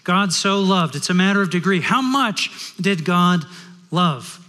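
Pastor in a reverberant worship hall. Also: male voice, high voice, lively intonation, a little slow. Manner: storytelling, shifting from loud to hushed. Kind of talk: sermon.

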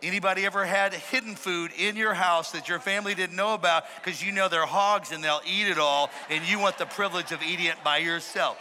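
High-voiced, bright preacher man in echoing hall. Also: steady tone, a little fast, hardly any pauses. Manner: emphatic, calls the crowd to shout back, humorous. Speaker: pastor. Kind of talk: sermon. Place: large church hall. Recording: echoey hall reverb.

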